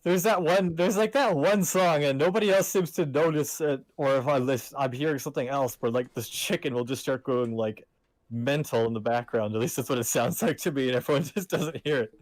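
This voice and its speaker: A man's voice: medium pitch, fairly quick, no echo, poor audio. Rambling man with a dry, close sound. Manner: rambling with many fillers, laughs while talking. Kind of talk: casual chat.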